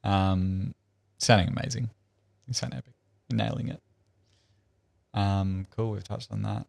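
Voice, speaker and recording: Low, gravelly-voiced male podcast host. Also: fairly even intonation, unhurried, a little mellow. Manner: loose, rambling questions with restarts. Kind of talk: casual podcast interview.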